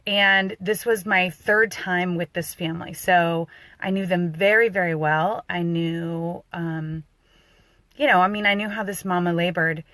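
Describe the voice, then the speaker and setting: A woman working as a doula, telling a personal story in a loose, animated way with fillers and restarts. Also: lowish voice, measured pace, no room sound. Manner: animated, acts out quoted voices.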